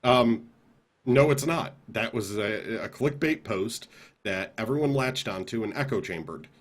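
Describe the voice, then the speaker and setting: A man co-hosting a casual gaming podcast, explaining things with emphasis and quick restarts. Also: medium pitch, lively intonation. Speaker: podcast co-host.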